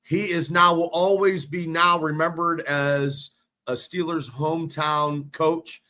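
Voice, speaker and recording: A man on a casual sports podcast talks in a rambling, excitable way, peppering his talk with swearing. His voice sits a bit high and rings bright. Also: takes it slowly. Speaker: podcast co-host.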